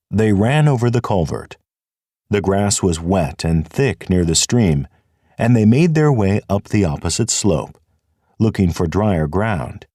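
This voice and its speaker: A man reading an audiobook in a measured, expressive narration. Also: low voice, dry recording, clean studio sound. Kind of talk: scripted narration.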